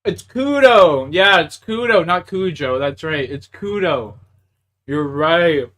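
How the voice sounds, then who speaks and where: His voice is fairly high and sharp, slow but lively in intonation. This young Canadian streams a game, chatting loosely with his audience, laughing plenty, swearing, mocking himself, addressing people as bro and dude, and muttering while he plays.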